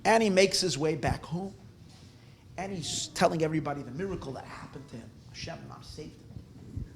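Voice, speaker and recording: A male rabbi telling a story at a live gathering in an animated, conversational way, often breaking off and restarting his sentences. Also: on the high side, a little fast, a little hiss or hum. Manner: animated, conversational, self-interrupting.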